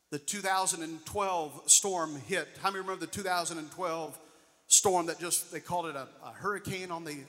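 A man's voice: sits high, sharp tone. A man pastor delivering a sermon, asking the congregation question after question with rising and falling emphasis. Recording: long reverb of a large hall.

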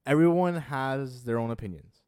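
A man rambling through a casual chat with a lot of "like" and "yo". His voice sits at a middle pitch. The recording is dry. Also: normal speed, a little mellow, smooth, no echo. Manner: rambling, heavy use of "like" and "yo".

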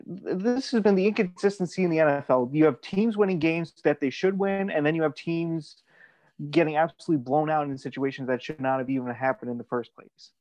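A man's voice: a little high, brisk, darkish tone, no echo, low-quality recording. A man on a sports talk panel, laying out his pick as a methodical, structured argument. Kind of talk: casual sports chat.

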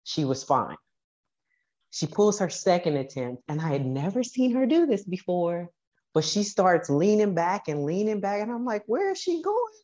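A woman coach tells her stories with lots of energy, slipping into the voices of the people she talks about. Her voice sits very low, and the recording sounds a little dull and muffled. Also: moderate pace. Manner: animated, acts out quoted dialogue. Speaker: powerlifting coach and guest. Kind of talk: casual storytelling interview.

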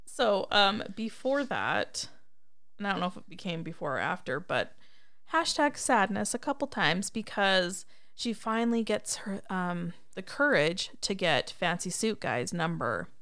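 A woman's voice: mid-range voice, expressive, measured pace, a bit bright. A woman in casual chat, animatedly recapping a movie's scenes and acting out the characters' lines.

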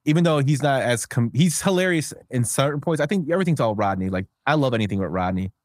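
A man's voice: mid-range voice, animated, fast, no echo, clean studio sound. Chatty man hosting a casual podcast. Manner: chatty, rambling with filler words. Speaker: podcast host. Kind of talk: casual chat.

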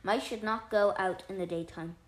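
A woman's voice: mid-range voice, fairly even intonation, normal speed, close to an everyday voice. A woman voicing a greedy, sly female cat in a storybook tale, with a cool, offhand, smug manner. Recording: roomy echo.

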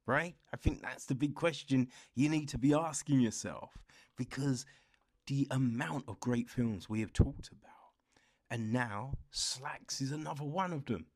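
A man hosting a film talk and interview, rambling and animated, with lots of restarts, recorded over a video call. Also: medium pitch. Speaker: podcast host and interviewer. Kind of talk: casual chat. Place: London.

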